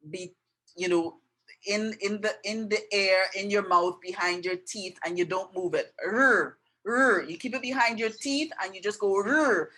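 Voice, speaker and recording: A woman's voice: medium pitch, a bit bright, rough recording. A middle-aged woman giving a patient step-by-step art and writing lesson, often checking in with the viewer. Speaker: art and language tutor.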